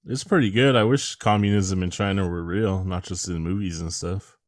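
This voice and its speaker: Low-voiced young man, deadpan sarcastic podcast co-host, dry close sound. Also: normal speed, no room sound. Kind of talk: casual chat.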